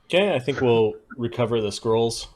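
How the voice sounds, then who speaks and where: A man playing a tabletop game, decisive and planning out loud. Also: mid-range voice, expressive, normal speed. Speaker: player. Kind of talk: casual tabletop game chat.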